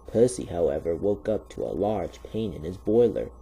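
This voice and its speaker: Deep gravelly man reading a story. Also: very animated, moderate pace, few pauses, dark tone, faint music behind, rough recording. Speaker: narrator. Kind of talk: storybook narration.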